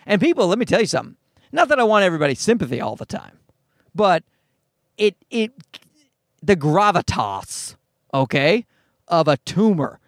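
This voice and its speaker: A man's voice: high-pitched, moderate pace, long pauses, no echo, studio quality. A man performing a profane stand-up comedy monologue, telling a story and acting out other people's lines. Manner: profane, animated storytelling with voiced asides.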